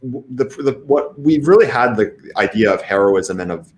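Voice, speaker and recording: A man speaking as a guest in a casual panel discussion, halting with many fillers and restarts. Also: mid-range voice, expressive, slight background noise.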